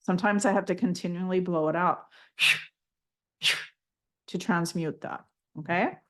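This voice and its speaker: Woman, spiritual healer, soft reassuring tone, slightly low pitch, keeps checking in. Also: fairly even intonation, unhurried. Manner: gentle, reassuring, often checks in with "okay?"; calls listener "honey". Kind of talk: guided healing session.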